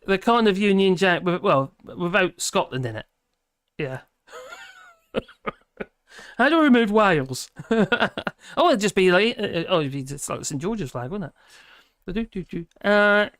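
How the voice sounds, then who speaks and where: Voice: medium pitch, a bit bright, no room sound, clean studio sound. A host with a British accent chatting casually on a live stream, reading out viewer comments and humming between them. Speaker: livestream host.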